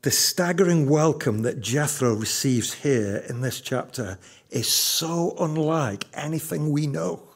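A man's voice: on the high side, expressive, a little slow. A man in his fifties preaching a sermon as pastor, emphatic and repeating key lines for weight.

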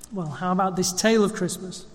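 A man with a slight cold giving a chatty, self-deprecating sermon in a church, his voice high and a little squeaky, with many ums and uhs. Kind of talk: conversational sermon. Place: church hall. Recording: long reverb of a church hall.

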